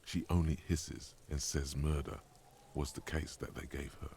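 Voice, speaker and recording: A man's voice: a bass voice, steady tone, moderate pace, gravelly, warm tone, slightly rough, heavily acted. An actor voicing a grave, ominous male inner voice that guides a detective through a video game. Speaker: game narrator.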